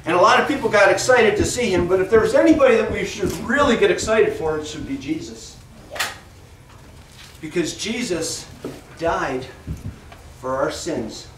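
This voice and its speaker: A man teaching a children's Sunday school class, telling a Bible story slowly and with animation and asking the children questions. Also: high-pitched, lively intonation, fairly bright tone. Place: church classroom. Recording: echoey room, distant mic, faint noise.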